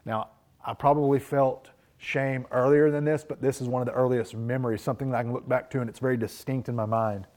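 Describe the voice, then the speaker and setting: A man's voice: medium pitch, flat delivery, fast, darkish tone. A man preaching a sermon, telling personal stories in an earnest, reflective way. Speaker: pastor.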